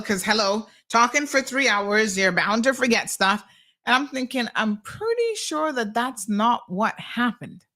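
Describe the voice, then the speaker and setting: A woman's voice: fairly high pitch, sharp tone. Chatty Caymanian woman radio host. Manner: chatty, exasperated, rambling storyteller. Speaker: talk show host reading listener comments. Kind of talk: casual call-in show chat.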